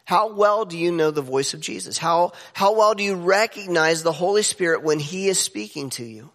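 A high-pitched man delivers a sermon from the pulpit, leaping upward in pitch to stress his points. His voice rings with a long reverb in a church hall. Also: normal speed. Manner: animated preaching with sudden pitch jumps for emphasis. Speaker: pastor.

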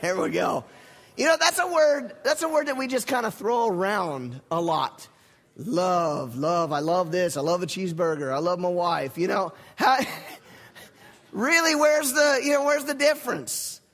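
A pastor with a high voice preaches in a folksy, lively way, repeating his key phrases and tossing in asides. The sound rings with a long reverb, as in a big hall. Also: moderate pace. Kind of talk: sermon. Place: church sanctuary.

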